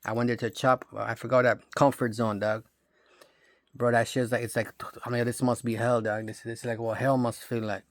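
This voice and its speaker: A man's voice: medium pitch, flat delivery, moderate pace, no room sound. A man from Romania ranting in a rambling, profane monologue, tossing in bro and dog all the time. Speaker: vlogger.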